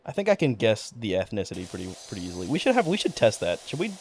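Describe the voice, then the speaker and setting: A young man talking to his chat on a stream in a loose, rambling way, cursing often and getting excited. His voice sits at an ordinary pitch but swings up and down freely. A faint hiss runs underneath. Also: rapid-fire, creaky. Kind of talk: casual livestream chat.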